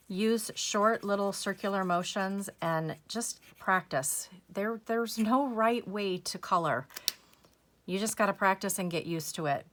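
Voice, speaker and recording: A woman hosting a crafting channel, talking through a coloring tutorial step by step in a soft, unhurried, gently encouraging way. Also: mid-range voice.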